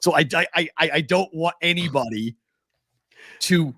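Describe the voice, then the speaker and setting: Animated man talking sports betting. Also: a little high, moderate pace, no echo, clean studio sound. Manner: animated, laughs often, mimics whiny voices. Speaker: sports betting podcast co-host. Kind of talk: casual sports talk.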